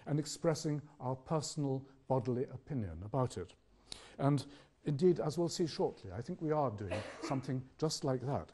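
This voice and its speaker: An older man with a British accent presents a public academic lecture, steady and inquiring, with pauses for rhetorical effect. His mid-range voice is warm and carries a breathy edge.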